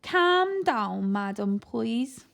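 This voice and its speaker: A woman's voice: sits high, sing-song, takes it slowly, a bit bright, pitched above the performer's own voice, full character voice. A woman voicing a stiff, pompous, very posh male zoo director who says W for R. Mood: indignant. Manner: achingly posh, R's come out as W's.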